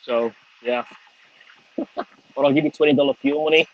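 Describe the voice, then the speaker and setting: A man's voice: mid-range voice, fairly even intonation, moderate pace. A middle-aged man with a Scouse accent talks casually on a livestream while outdoors on a windy, sunny day. He swears often and thanks his viewers one by one. The audio is a bit dull and lo-fi, with faint noise behind him. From England. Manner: swears freely, chatty, thanks viewers by name. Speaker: vlogger. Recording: slightly dull lo-fi stream audio.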